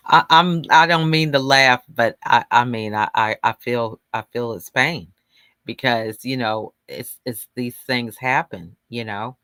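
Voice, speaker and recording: A speaker in a casual podcast chat, sympathetic and lively. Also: medium pitch, measured pace, clean tone, no room sound. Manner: sympathetic, lively, laughs easily.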